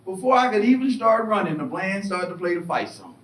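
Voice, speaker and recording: A middle-aged man giving a motivational keynote, telling stories with lively acted-out voices and questions to the crowd. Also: a little fast. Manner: animated storytelling, acts out voices and asks the crowd questions. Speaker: keynote speaker. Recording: echoey hall, distant mic, faint rumble.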